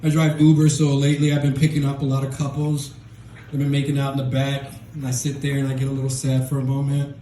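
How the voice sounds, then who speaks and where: A man doing a rambling, deadpan stand-up set on a small club stage into a handheld mic. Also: medium pitch, fast talker, roomy sound, slight background noise, poor audio. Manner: deadpan, rambling, self-deprecating. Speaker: stand-up comedian.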